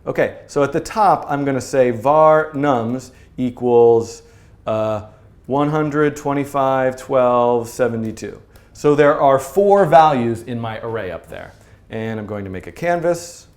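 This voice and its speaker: A man's voice: mid-range voice, unhurried, a little mellow. A man teaching programming at a whiteboard in a casual, playful, self-mocking way, thinking aloud as he explains. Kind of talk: informal coding lesson at a whiteboard. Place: studio room with whiteboard. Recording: roomy echo.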